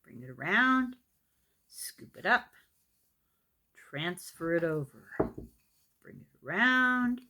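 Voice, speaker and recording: Older woman, Irish accent, knitting tutorial, very slow, animated pitch, gentle and patient. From Ireland. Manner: gentle, patient, self-deprecating. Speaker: knitting teacher. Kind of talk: step-by-step craft tutorial.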